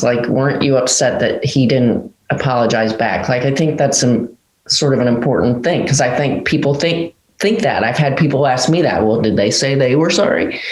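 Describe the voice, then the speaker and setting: A woman host speaks thoughtfully, agreeing readily and adding her own view. Her voice rings with a noticeable room echo. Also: a bass voice. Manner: affirming, thoughtful, frequent agreement. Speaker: podcast host. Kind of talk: casual conversation. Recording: echoey room.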